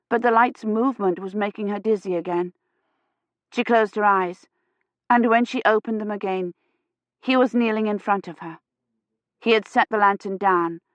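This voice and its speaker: A woman reading a science fiction novel aloud in a measured, steady narration. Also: mid-range voice, dry recording. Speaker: audiobook narrator. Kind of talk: scripted narration.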